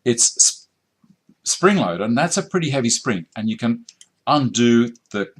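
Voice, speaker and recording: A man's voice: mid-range voice, big pitch swings, a little slow, noisy background. A middle-aged man, casually chatting on a woodworking live stream while reading out viewer comments. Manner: casual, chatty, laughs easily. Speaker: woodworking channel host.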